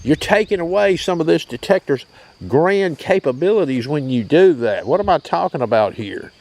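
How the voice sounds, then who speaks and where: A man's voice: fairly high pitch, animated, moderate pace, a little mellow. A man, from Tennessee, casually demonstrating gear outdoors in a folksy, drawling way, often checking in with his listeners. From Tennessee, USA. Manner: folksy, drawling, keeps checking in with "okay?" and "you hear that?". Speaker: metal detecting channel host. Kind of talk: casual outdoor equipment demo.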